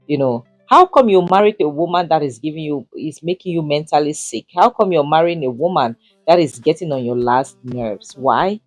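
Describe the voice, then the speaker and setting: A woman's voice: sits low, lively intonation, moderate pace, few pauses, dry recording, faint music behind. A young woman reviewing a drama series in casual, indignant commentary, stressing points and saying "you know" a lot. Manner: indignant, emphatic, repeats "you know" often.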